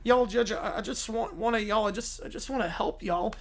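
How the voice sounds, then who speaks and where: A man's voice: sits high, a little fast, pitched below the performer's own voice. A man voicing a bumbling, apologetic male defense lawyer with a put-on Southern drawl, stammering and hesitant, in a comic courtroom role-play. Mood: flustered. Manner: stammering, hesitant, full of fillers.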